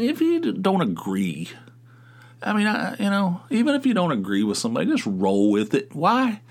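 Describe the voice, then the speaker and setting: A middle-aged man hosting a podcast, talking in a rambling, profane casual monologue with many restarts. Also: medium pitch. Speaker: podcast host.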